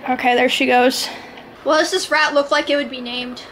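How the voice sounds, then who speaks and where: High-voiced woman chatting playfully at home. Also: normal speed, a little hiss or hum, rough recording. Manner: coos and scolds puppies in a playful, excitable way. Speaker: streamer vlogging her day. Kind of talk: casual vlog chat.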